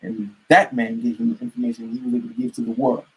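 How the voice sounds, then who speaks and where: A man's voice: mid-range voice, fairly even intonation, fast talker, darkish tone, husky, low-quality recording. A man giving an emphatic, repetitive political rant to camera as a commentator.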